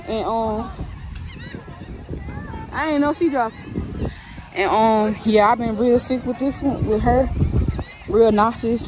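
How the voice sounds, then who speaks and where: A woman's voice: on the high side, measured pace, long pauses, rough recording. A woman in her twenties, pregnant, chatting casually to her vlog camera at the beach. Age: 20s. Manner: relaxed, chatty, coaxing her toddler in a singsong. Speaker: vlogger, pregnant mother. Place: outdoors on a beach. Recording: loud beach noise behind.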